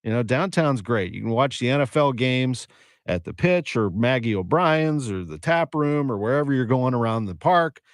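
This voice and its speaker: A man's voice: medium pitch, expressive, normal speed, no echo. Man, St. sports radio host; casual, wry, dry close studio sound. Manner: chatty, laughs easily, wry. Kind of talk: casual radio show wrap-up. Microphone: studio microphone.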